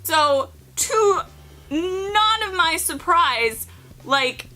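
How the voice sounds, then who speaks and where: A young woman in her twenties telling casual stories to camera, animated and profane, acting out the people she quotes. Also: extremely high pitch, very slow. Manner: animated, profane, acts out quotes in shifting voices. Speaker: vlogger. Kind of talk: casual storytelling.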